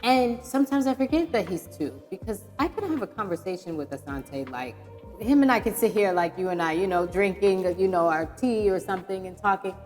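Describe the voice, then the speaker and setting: A woman hosting a show, telling a personal story casually and animatedly, with lots of fillers. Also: medium pitch. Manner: animated, fast-talking, filler-heavy. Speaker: podcast host. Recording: long hall reverb with faint music.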